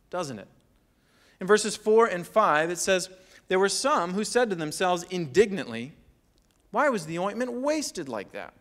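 A male pastor with a fairly high voice delivers a sermon. He speaks in a measured, emphatic way and keeps turning to the listeners with rhetorical questions. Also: fairly bright tone.

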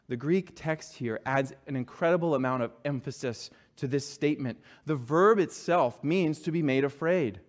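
A man preaching a sermon, earnest and emphatic, dropping soft and low when reading scripture and rising to stress his points. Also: moderate pace, hardly any pauses. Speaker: pastor.

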